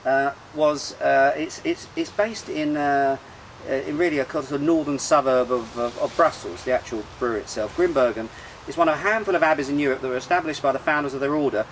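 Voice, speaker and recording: A man's voice: mid-range voice, fairly quick, slight background noise, poor audio. A man hosting a casual beer show outdoors, talking in a rambling, chatty way with lots of fillers and restarts. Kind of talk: casual chat about beer. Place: outdoors in sunshine.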